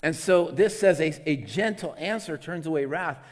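A man preaching a conversational sermon into a microphone, candid and self-deprecating, with lots of restarts, swinging between loud and soft. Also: on the high side, normal speed, big-room sound. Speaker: pastor. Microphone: amplified microphone.

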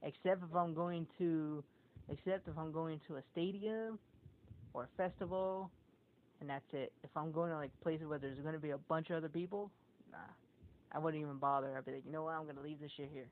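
Brisk and somewhat high-voiced, this podcast co-host rambles casually through profane stories, voicing the quotes himself. The recording has a thin, phone-like quality and faint noise.

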